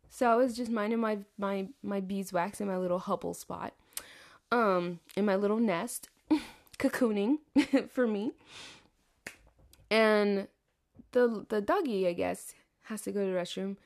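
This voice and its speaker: A young Southern woman rambles through a personal story in casual monologue, cursing and laughing as she goes. Her voice carries a gravelly, fried edge. She trails off, restarts and drifts between asides. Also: mid-range voice. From American South. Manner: chatty, profane, laughs often, trails off. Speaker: podcast host.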